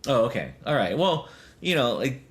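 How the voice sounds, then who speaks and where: A man's voice: medium pitch, sing-song, moderate pace. A man in his thirties hosting a podcast, telling rambling stories full of fillers and chuckles. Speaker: podcast host. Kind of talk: casual podcast chat.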